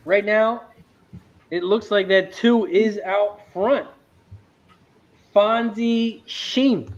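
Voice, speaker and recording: A man with a slightly high voice hosts a casual betting stream, joking with his crew and calling the horses as they come around. The audio is dull and lo-fi. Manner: joking, quick race calls. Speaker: host calling races. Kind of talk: casual live-stream chat and race calling.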